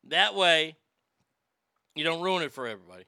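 A man's voice: a little high, lively intonation, takes it slowly, vocal fry, pauses often, bright, forceful tone, no room sound, clean studio sound. A man hosting a live stream, chatting casually, ranting with profanity and reading viewer comments aloud.

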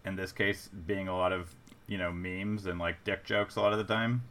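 A man on a casual podcast who muses out loud in a measured way, often trailing off. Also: low-pitched, level tone.

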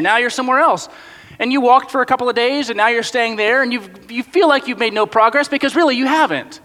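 A man preaching with a high, bright voice, chatty and animated. He acts out the grumbling lines he quotes. His voice carries a long echo from a big hall. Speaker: pastor. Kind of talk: sermon. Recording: long reverb of a large hall.

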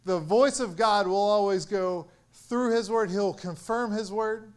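Young male preacher, high smooth voice, earnest sermon, builds force on key points. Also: a little slow. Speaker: pastor.

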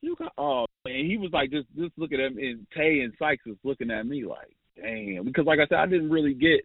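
A former college player, guesting on a show, tells casual stories over what sounds like a phone line, his voice a little high, fast and slightly rough on a dry recording. He laughs often and keeps restarting his sentences, leaning on plenty of fillers.

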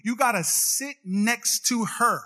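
A man's voice: very high-pitched, slow, pushed and bright. A man preaching a sermon, joking with the crowd and swinging into singsong rises. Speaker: pastor. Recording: long hall reverb.

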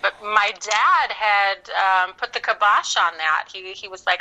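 A woman, an actress, chatting as a podcast guest in a relaxed, easygoing way with plenty of fillers. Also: mid-range voice, fairly quick, low-quality recording. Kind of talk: casual interview chat.

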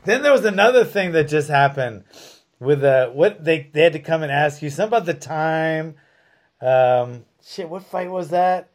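A man hosting a casual chat, excitable and swearing freely. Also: a little high, moderate pace.

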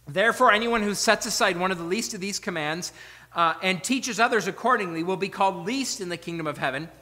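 Man preaching, high voice, bright tone, earnest rhetorical questions, long church-hall reverb. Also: a little fast. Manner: earnest, rhetorical questions, swings between loud emphasis and quiet asides. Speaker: pastor. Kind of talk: sermon. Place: church sanctuary.

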